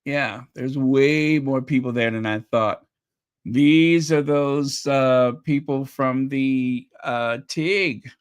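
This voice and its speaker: A man's voice: mid-range voice, takes it slowly, clear, resonant tone. A man hosting a channel, giving casual reaction commentary in a chatty, openly emotional way, often repeating himself, his voice a little strained. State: voice getting strained. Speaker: channel host reacting to video clips.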